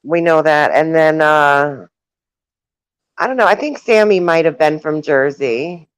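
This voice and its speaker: A woman's voice: low-pitched, unhurried, clear, resonant tone, no room sound, low-quality recording. A woman with a New York accent hosting a casual chat, talking loosely with lots of fillers and frequent laughs. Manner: chatty, laughs often, trails off with fillers. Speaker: host.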